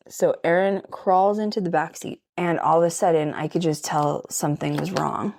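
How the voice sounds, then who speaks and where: Young woman vlogger, slightly low voice, rambling ghost story, lots of "okay?". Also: normal speed, gravelly, hardly any pauses. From Colorado. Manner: chatty, emphatic, many "like" and "okay?" asides. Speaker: paranormal vlogger. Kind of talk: casual storytelling while doing makeup.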